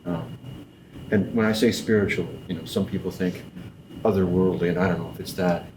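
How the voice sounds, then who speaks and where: A man speaking thoughtfully in an interview, measured and pausing often with fillers. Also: deep voice, creaky, noisy background. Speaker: interviewee in documentary footage. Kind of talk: reflective interview talk.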